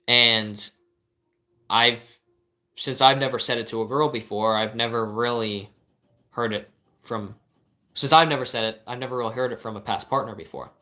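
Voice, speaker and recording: A man's voice: mid-range voice, fairly even intonation, normal speed, long pauses, sharp tone. Earnest rambling young man giving advice. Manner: earnest, rambling, with many restarts and fillers. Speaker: life coach answering live viewer questions. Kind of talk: casual live-stream advice.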